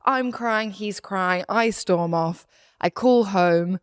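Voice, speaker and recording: A young woman co-hosting a podcast, telling a personal story in casual chat, animated and laughing as she acts out quotes. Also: mid-range voice, slow pace, clean tone, no room sound, clean studio sound. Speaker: podcast co-host.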